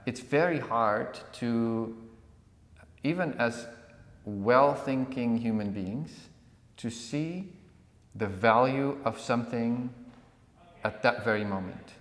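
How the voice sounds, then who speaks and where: A man's voice: mid-range voice, takes it slowly, long pauses. Man telling a story in an echoey room. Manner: animated storyteller who acts out villagers. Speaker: podcast co-host. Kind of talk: conversational storytelling. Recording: echoey room with long reverb.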